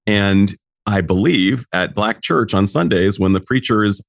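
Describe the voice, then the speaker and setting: Very deep voiced podcast host guy, reflective and enthused, dry close mic. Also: a little slow, vocal fry, no echo. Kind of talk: interview conversation.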